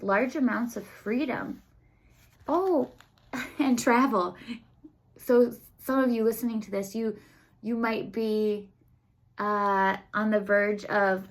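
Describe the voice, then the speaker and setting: A woman psychic medium giving a channeled tarot reading, speaking gently and passing on messages with soft sighs and pauses. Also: mid-range voice.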